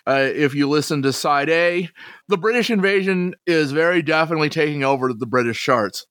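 Higher-voiced man hosting a podcast. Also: a little fast, a bit bright, no echo. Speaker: podcast host. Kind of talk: casual music podcast intro.

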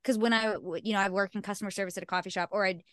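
A young woman chats candidly as a podcast guest, mocking herself, cursing freely and laughing easily. Her voice sits at an ordinary pitch for a woman. The recording is close and dry, with no room sound. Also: steady tone, very fast, a bit bright, no echo. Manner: frank and self-mocking, swears freely, laughs often. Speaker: podcast guest, singer-songwriter. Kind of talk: candid casual chat.

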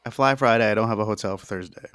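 Talking rapid-fire into a headset mic, this man co-hosts a casual podcast full of crude jokes and free swearing. His voice sits on the low side with a fairly bright tone, and there's no room sound.

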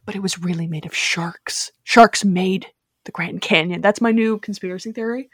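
A woman's voice: mid-range voice, no room sound, studio quality. A woman on a casual movie podcast, joking playfully and laughing easily. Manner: playful, jokey, quick to laugh. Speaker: podcast co-host. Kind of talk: casual movie review chat.

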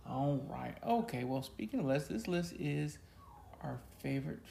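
A man's voice: mid-range voice, expressive, moderate pace, gravelly, mellow. A man co-hosting a casual chat, joking and teasing as he talks. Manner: joking, teasing, Southern "y'all". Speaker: podcast co-host. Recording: echoey room with faint noise.

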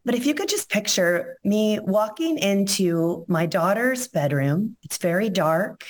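A hoarse woman, a podcast guest telling her story in a heartfelt, emotional way. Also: medium pitch, animated, a little slow. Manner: emotional, heartfelt, close to tears. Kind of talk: casual interview storytelling.

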